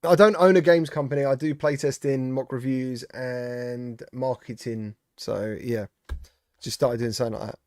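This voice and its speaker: A man hosts a casual live-stream chat, greeting viewers by name and reading out and answering their comments in a chatty way. His voice is medium-pitched with fairly even intonation, a moderate pace and a darkish tone, captured in a dry, studio-quality recording.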